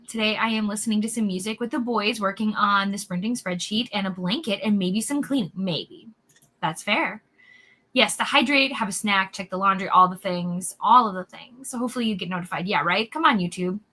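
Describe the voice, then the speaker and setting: A woman hosting a casual livestream, chatty and upbeat, reading out comments, a little hoarse from losing her voice. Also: medium pitch, animated, brisk, bright, forceful tone. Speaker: livestream host.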